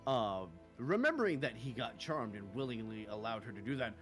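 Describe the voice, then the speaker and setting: A man running a tabletop game, his narration animated and rising and falling in pitch. His voice is bright and forward, and faint music plays underneath. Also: fairly quick. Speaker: game master.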